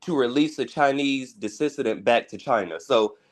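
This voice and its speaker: A man's voice: mid-range voice, normal speed. A man calling in to a live stream who explains gossip at length. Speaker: caller. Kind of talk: call-in chat.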